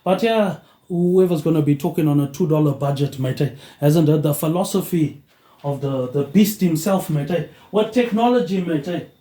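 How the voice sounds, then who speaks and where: A man's voice: on the high side, moderate pace, dark tone, echoey room. A man hosting his own show in a rambling monologue, tagging lines with "mate, eh" in a dropping tone. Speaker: podcast host.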